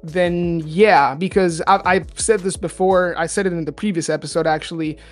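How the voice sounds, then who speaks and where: A man's voice: fairly high pitch, steady tone, moderate pace, soft background music. A man co-hosting a podcast, talking in a casual, rambling way and correcting himself as he goes. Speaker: podcast co-host. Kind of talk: casual chat.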